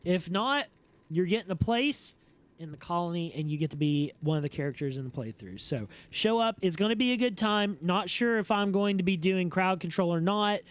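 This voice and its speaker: A man chatting casually with his live-stream audience while playing a game, relaxed and slangy, and sleepy. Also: sits high, normal speed. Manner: relaxed and slangy, talking to chat. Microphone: streaming microphone.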